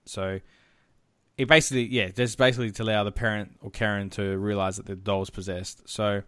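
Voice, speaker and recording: A man's voice: fairly low pitch, flat delivery, brisk, fairly bright tone, clean tone, dry recording. A man hosting a podcast, laid-back and laughing easily as he retells a film plot. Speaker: podcast host.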